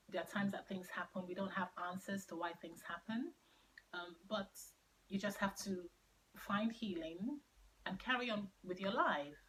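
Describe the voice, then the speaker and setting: A middle-aged woman with a slightly low voice talks earnestly in a faith-based teaching, leaning on repeated phrases. She drops to a hushed near-whisper on painful words. A faint hiss sits under her voice. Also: rough recording. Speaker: Christian speaker sharing her testimony.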